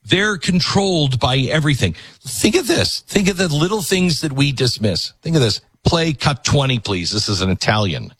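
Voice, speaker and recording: A male talk show host with a husky, slightly higher voice that swings widely in pitch. He preaches to his audience with animated conviction, and the sound is close and dry. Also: normal speed, hardly any pauses, no room sound.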